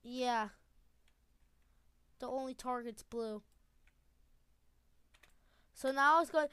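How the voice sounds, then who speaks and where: A woman giving excitable gameplay commentary, laughing often and repeating her phrases. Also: high-pitched, extremely slow, long pauses, clear, resonant tone, no room sound, studio quality. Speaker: gamer.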